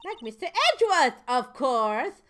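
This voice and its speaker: A woman's voice: extremely high pitch, huge pitch swings, a little slow, sharp tone, a little hiss or hum, voice pushed up, exaggerated voice. Woman doing a squealing Maya, bubbly teen girl. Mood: gushing. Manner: squealing, gushing. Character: bubbly excitable young female spirit medium.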